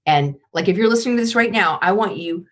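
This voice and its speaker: A woman guest on a parenting podcast, talking in a lively way and acting out examples. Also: medium pitch, quick pace. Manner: animated, acts out examples. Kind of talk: podcast conversation.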